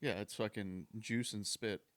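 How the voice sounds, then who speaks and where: A man's voice: fairly low pitch, steady tone, unhurried. A young man co-hosting a podcast, throwing in teasing, crude quips casually. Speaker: podcast co-host. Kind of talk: casual chat.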